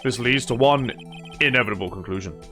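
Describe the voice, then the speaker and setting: A man voicing a cool, confident young male prosecutor in a video game, reading in a measured, declarative way. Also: mid-range voice, pushed and bright, faint music behind, lightly acted.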